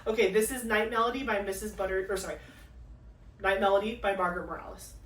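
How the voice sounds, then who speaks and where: A young woman chatting casually while unboxing craft kits, gushing and excitable, with lots of fillers and gasps. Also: mid-range voice, fast talker, slight background noise. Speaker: crafting vlogger. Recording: echoey room, mic at a distance.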